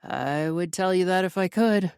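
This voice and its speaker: A woman's voice: fairly low pitch, moderate pace, a little mellow, smooth, dry recording, lightly acted. Brief: a woman doing a grinning, unbothered gangster brother, airy and innocent-sounding, dry read. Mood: nonchalant. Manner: breezy, mock-innocent. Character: carefree reckless mafia brother, grinning, teasing.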